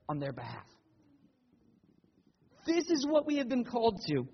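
Husky high-voiced male pastor preaching. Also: moderate pace, long pauses, big-room sound, highs cut off. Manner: animated storytelling with emphatic rises in pitch and loudness; earnest, personal anecdotes. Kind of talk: sermon.

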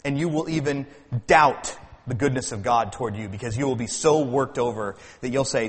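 A man's voice: mid-range voice, moderate pace, big-room sound. A man preaching a sermon as pastor, earnest, with rising and falling emphasis and frequent repeated words.

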